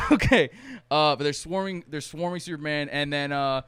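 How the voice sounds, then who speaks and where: A podcast host with a fairly high, slightly bright voice speaks at a moderate pace in a clean recording with no room sound. He casually retells a movie plot, swearing a lot and laughing as he goes.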